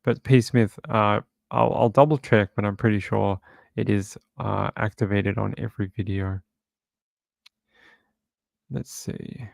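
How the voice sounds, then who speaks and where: A man's voice: lowish voice, fairly even intonation, measured pace, gravelly, long pauses, no echo. A man hosting a true crime livestream from home, chatting casually and reading viewer comments aloud.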